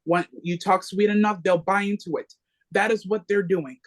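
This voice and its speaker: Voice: mid-range voice, steady tone, moderate pace. A reading group member talking passionately, repeating phrases for emphasis. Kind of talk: impassioned casual discussion.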